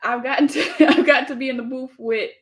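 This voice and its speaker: A woman hosting a casual interview, chatty and quick to laugh. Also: high voice. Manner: relaxed and chatty, laughs often. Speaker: interviewer, channel host.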